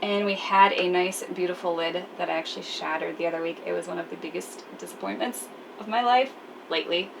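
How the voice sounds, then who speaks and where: A woman's voice: fairly low pitch, fairly quick, gravelly, distant mic. A woman sailing vlogger chatting casually and self-deprecatingly while she cooks on a small boat. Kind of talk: casual cooking chat. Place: small sailboat cabin. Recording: noisy boat ambience.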